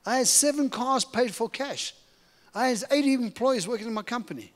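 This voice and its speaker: A middle-aged man from Africa giving a sermon testimony as a guest preacher, telling his story in an animated, humorous way. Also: extremely high pitch, a little fast. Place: church sanctuary. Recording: long reverb of a church hall.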